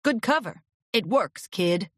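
A woman voicing a gruff, scratchy older male pony who is a secret agent boss, blunt and commanding in a storybook reading. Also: mid-range voice, lively intonation, a little slow, fairly bright tone, no room sound, clean studio sound.

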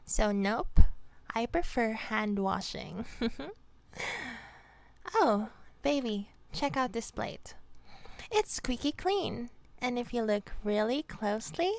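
Girl doing a clingy vampire gf, giggly n teasing, kinda high voice, super slow and dry. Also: expressive, no room sound. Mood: playful. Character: young female vampire girlfriend, clingy and playful. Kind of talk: audio role-play to a listener.

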